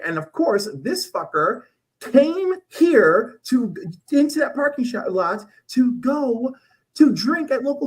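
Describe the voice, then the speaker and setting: A man's voice: high-pitched, low-quality recording. A man telling crude rambling stories in a casual panel chat. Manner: crude, rambling storyteller, loud acted outbursts.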